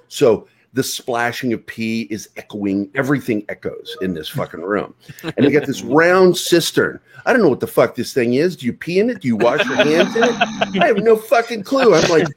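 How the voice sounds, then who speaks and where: Animated, swearing man telling stories. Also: medium pitch, husky. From United States. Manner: profane, animated storyteller. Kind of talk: casual storytelling chat.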